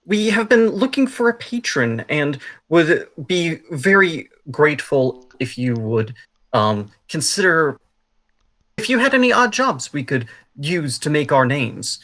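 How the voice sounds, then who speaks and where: Guy doing a fancy polite elf adventurer, kinda high voice, very formal wording. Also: sing-song, a little slow, fairly bright tone, exaggerated voice. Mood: courteous. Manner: formal, elaborately polite speech. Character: courteous formal elven male adventurer. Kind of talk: tabletop role-play in character.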